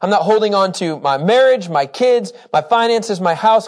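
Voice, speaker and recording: A man teaching a Bible study, reading scripture with emphasis and talking in an animated, conversational way, laughing often. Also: high voice, normal speed. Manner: reads scripture aloud with emphasis.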